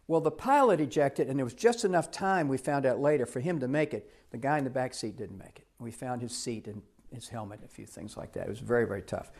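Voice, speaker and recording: An older man tells a personal story to an audience in a lively, animated way. He acts out the lines of the people in it. His voice sits at an ordinary middle pitch. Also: fast, hardly any pauses. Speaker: speaker. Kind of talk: storytelling talk.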